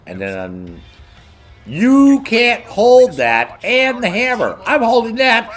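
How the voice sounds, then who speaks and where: A man telling profane, loud stories as a streamer, mocking others in high voices. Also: wildly swooping pitch, a little slow. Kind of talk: profane casual storytelling.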